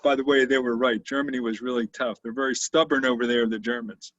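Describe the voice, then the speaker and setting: This company CEO, a man in his sixties, tells interview stories conversationally, restarting often and using plenty of fillers. He speaks fast at medium pitch, in a steady, fairly bright voice, recorded without room sound in dull lo-fi audio.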